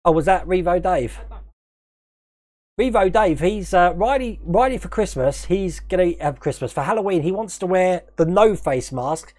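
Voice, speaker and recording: A man's voice: high-pitched, lively intonation, normal speed, darkish tone. A British man hosting a casual livestream, rambling, chuckling often and thanking viewers by name. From United Kingdom. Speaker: livestream host.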